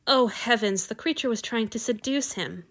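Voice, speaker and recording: A woman narrating a story in an expressive audiobook reading. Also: on the high side, normal speed. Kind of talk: audiobook fan fiction reading.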